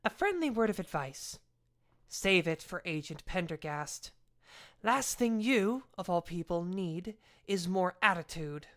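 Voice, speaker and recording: A woman voicing a gruff, suspicious male police captain who barks blunt orders in a raised voice. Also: on the low side, sing-song, measured pace, fairly bright tone. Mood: scolding.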